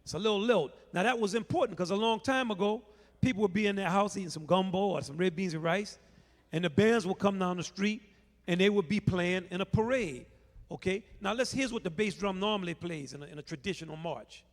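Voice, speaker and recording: A man's voice: sits high, brisk. A middle-aged man with a New Orleans accent, leading a playful live music lesson for children and teasing the crowd with call and response. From New Orleans, USA. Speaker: bandleader teaching children. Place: large convention hall stage, live audience. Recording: long reverb of a big hall.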